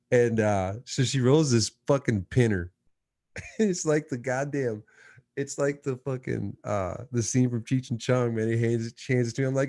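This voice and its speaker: A man's voice: on the low side, measured pace, no echo, clean studio sound. A man telling a story in a casual chat, full of laughter and swearing. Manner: laughing, profane, animated storyteller. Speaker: podcast guest.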